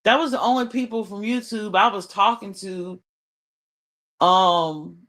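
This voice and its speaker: An adult mother with a medium-pitched, slightly bright voice speaks unhurriedly in an unscripted livestream monologue that she hosts. She vents about a falling-out, emphatic and swearing freely.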